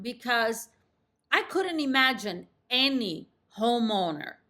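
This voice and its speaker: A woman coaching real estate agents in an emphatic, confident talk that drops in pitch at the end of each sentence. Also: sharp tone. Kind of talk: instructional talk to camera.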